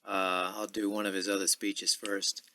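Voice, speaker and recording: A man's voice: on the low side, level tone, pushed and bright. Rambling man in his sixties. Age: 60s. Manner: rambling, many filler pauses. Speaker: podcast host. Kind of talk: casual monologue.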